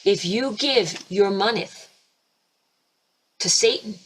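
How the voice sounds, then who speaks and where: A woman with a husky, slightly breathy voice preaches fervently to her webinar audience. Her pitch sits mid-range, but she keeps leaping up and getting louder to make a point, then drops back to a plain conversational tone. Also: takes it slowly. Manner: emphatic and fervent, with sudden jumps in pitch and loudness. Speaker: spiritual teacher hosting a webinar. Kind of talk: impassioned preaching webinar talk. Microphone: computer mic for a webinar.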